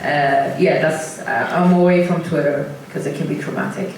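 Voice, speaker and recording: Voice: mid-range voice, fairly even intonation, moderate pace, background noise. Upbeat event organiser, casual chat, heard far off in an echoey hall. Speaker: platform organiser.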